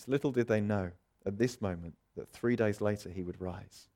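A man's voice: on the low side, normal speed. Dramatic man preaching a sermon. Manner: dramatic, acts out quoted voices, swings loud and soft.

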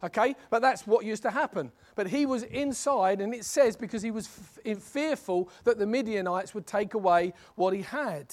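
A man preaching a sermon in an animated, conversational storytelling manner. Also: sits high, moderate pace, hardly any pauses.

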